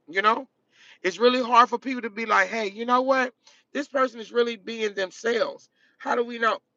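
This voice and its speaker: High, gravelly woman chatting on a live stream. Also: bright, forceful tone, no echo, dull audio. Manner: chatty and emphatic, repeats herself, calls viewers baby, honey and girl. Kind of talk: casual live-stream chat to viewers. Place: in a car.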